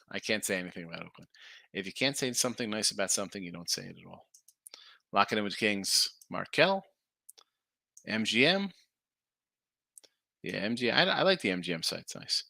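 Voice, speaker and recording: A middle-aged man talks with a bright, forward tone, rambling casually as he hosts a live sports betting show. He wanders between thoughts and answers viewers' comments. The sound is dry and close, with no room echo. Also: fairly low pitch, gravelly. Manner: rambling, chatty, reads viewer chat aloud.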